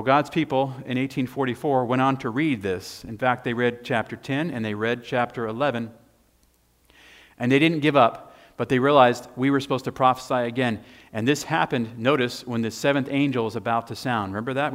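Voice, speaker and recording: A man's voice: mid-range voice, moderate pace. Emphatic male preacher in a reverberant hall. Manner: animated, emphatic, points to slides and handout. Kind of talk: sermon with Bible reading.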